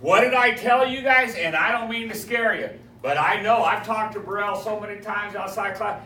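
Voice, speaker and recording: A male welding instructor lectures his class with swaggering storytelling, quizzing students along the way. His voice is high-pitched and sharp, at normal speed with hardly any pauses. The recording is from an echoey classroom far from the mic, with faint hiss.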